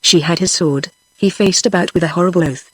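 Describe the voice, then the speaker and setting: A text-to-speech voice of a woman with a British English accent, narrating a historical novel in an even, steady way. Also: fairly low pitch, a little fast, husky, no echo, rough recording. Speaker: audiobook narrator. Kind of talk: synthetic audiobook narration.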